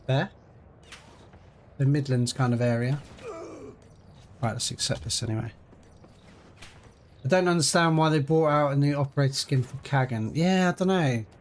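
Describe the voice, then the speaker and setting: A man's voice: mid-range voice, moderate pace, long pauses, slight background noise. A young British man streaming a video game live, chatting casually and answering viewers while he plays. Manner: chatty, reads and answers chat while playing. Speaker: gaming livestreamer.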